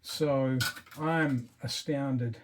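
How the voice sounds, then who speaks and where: A man's voice: medium pitch, steady tone, very slow, heavy background noise. A man giving casual unboxing commentary as a coin collector, chatty and amazed, muttering asides as he works.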